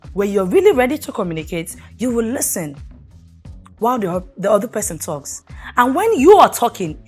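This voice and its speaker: A woman's voice: mid-range voice, breathy edge. A middle-aged woman, hosting a talk show and giving earnest, preachy marriage advice while putting questions to the listener.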